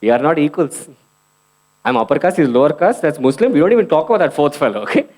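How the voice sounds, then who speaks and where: A man's voice: on the high side, very animated, quick pace, a little mellow. A young man doing a stand-up set, punchy and conversational, often addressing the crowd. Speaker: stand-up comedian.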